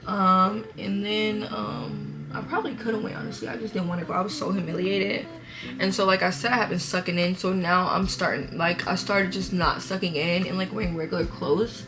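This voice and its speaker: A woman's voice: mid-range voice, fairly even intonation, brisk, over music. A young woman, chatting and laughing through a dramatic story while doing her makeup. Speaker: vlogger. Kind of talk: get-ready-with-me story time.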